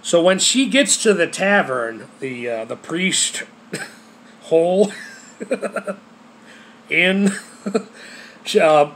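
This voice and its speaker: A man's voice: high voice, expressive, drawn-out words, pauses often, a bit bright, slight background noise. Giggly man rambling through an episode recap. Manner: giggly, laughs constantly, rambling with many fillers. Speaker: show reviewer.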